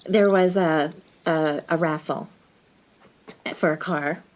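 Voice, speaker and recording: Animated storytelling woman, low voice. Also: takes it slowly, a little hiss or hum. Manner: animated, swears casually, laughs while telling stories. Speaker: podcast co-host. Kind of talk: casual chat, storytelling. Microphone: remote call.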